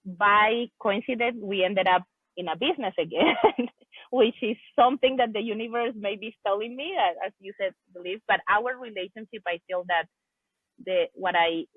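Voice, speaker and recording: A woman's voice: medium pitch, moderate pace, slightly rough, dry recording. A woman who is a business partner, a guest in an interview, answering hesitantly over a remote call, with many restarts and "like". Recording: tinny phone-like line.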